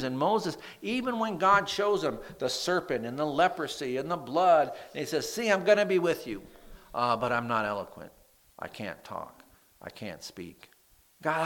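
A man with a bright, nasal voice delivers a sermon, reading scripture with lively emphasis and letting his voice drop soft at the ends of points. It sounds like he is preaching to a congregation in a church. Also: on the high side. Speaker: pastor.

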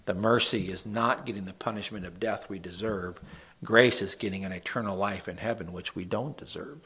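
A man's voice: on the low side, normal speed, fairly bright tone, breathy edge. A man giving a conversational Bible teaching, reading verses aloud and then explaining them plainly and unhurriedly.

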